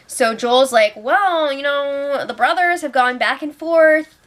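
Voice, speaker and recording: A young woman hosting a casual reality show spoiler recap, retelling events in an animated way with laughs. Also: sits high, slow pace.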